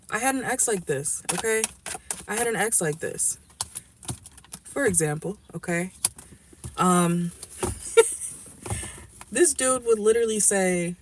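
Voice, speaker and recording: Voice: mid-range voice, slow pace, long pauses, a little hiss or hum. A tarot reader in a car giving a casual, rambling and blunt reading to viewers, swearing freely. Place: inside a car.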